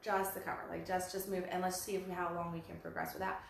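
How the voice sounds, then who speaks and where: A woman in her forties co-hosting a casual talk, telling stories in an animated way and repeating her phrases. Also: on the low side, fast talker, vocal fry, slight background noise. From Texas. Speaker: podcast co-host. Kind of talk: casual chat. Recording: very echoey room.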